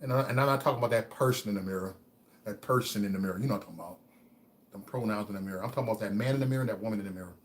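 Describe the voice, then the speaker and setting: On his livestream, a man gives his chat a motivational talk, his voice fairly low and his delivery very fast. He loops the same phrases and trips over single words, lurching from quiet musing to loud preaching.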